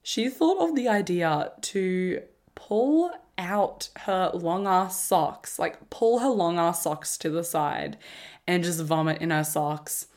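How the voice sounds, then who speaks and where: A woman, telling a story on her podcast in a casual, animated way, swearing freely and laughing as she goes. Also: lowish voice, takes it slowly. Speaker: podcast host.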